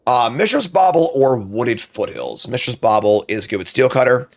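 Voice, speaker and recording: A man's voice: mid-range voice, lively intonation. A man streaming a card game draft, talking casually to himself as he weighs each pick, muttering and now and then flaring up in frustration. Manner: muttering, thinking aloud, quick outbursts of frustration.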